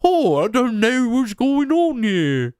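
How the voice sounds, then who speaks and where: A man voicing a prim, indignant upper-class English lady in a fussy, drawn-out falsetto with a put-on posh British accent. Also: sing-song, darkish tone, clean tone, no echo, clean studio sound, exaggerated voice. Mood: scandalized. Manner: fussy, scandalized.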